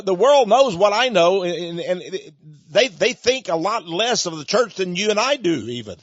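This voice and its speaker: Male radio preacher, husky and lively-pitched, fervent and emphatic; dry, dull lo-fi broadcast sound. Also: no room sound. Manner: fervent, emphatic, repeats phrases for force. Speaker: radio program host. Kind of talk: impassioned radio preaching monologue.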